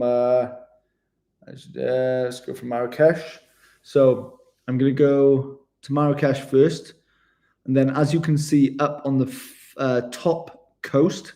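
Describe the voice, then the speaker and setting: A Welsh travel vlogger chats casually with viewers on a live stream, laid-back and matey, calling everyone mate. His voice is medium-pitched and warm.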